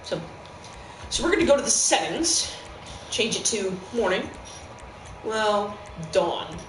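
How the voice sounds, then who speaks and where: A game streamer giving rambling, playful live-stream commentary with sudden squeaky outbursts. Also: big pitch swings, slow pace. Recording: echoey room with background noise.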